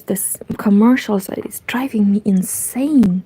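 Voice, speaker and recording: A young woman chatting casually in a hushed, partly whispered voice while she crochets, rambling and correcting herself as she goes. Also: medium pitch, slow, creaky. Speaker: crochet vlogger.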